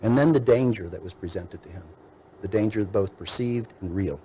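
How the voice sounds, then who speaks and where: Brief: male defense attorney, low mellow voice, measured courtroom argument. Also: slight background noise, low-quality recording. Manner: measured, methodical, lists points.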